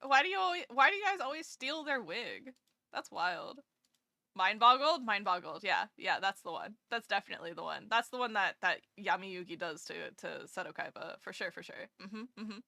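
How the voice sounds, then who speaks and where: A woman VTuber telling a story in casual livestream chat, animated and quick to laugh, at a desk mic at home. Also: medium pitch, gravelly, dry recording, clean studio sound. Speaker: VTuber streamer.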